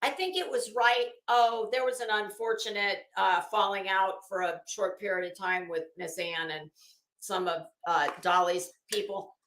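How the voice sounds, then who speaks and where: A woman streams and chats casually, rambling with many restarts and fillers. Her voice is medium-pitched and fairly bright, with fairly even intonation and a moderate pace. The room is echoey and there's slight background noise.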